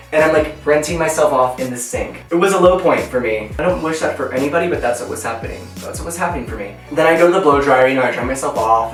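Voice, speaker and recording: Young man vlogger, chatty storyteller doing voices, distant roomy sound. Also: mid-range voice. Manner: animated, acts out voices in his story. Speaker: vlogger telling a story while doing makeup. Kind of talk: casual storytelling while following a tutorial. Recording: echoey room, voice from off-mic, faint music.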